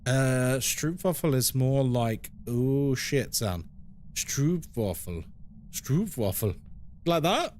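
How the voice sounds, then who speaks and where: A man's voice: mid-range voice, slow, few pauses, darkish tone, a little hiss or hum. A man streaming a game, chatting playfully and reading chat messages aloud. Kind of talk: casual live-stream chat.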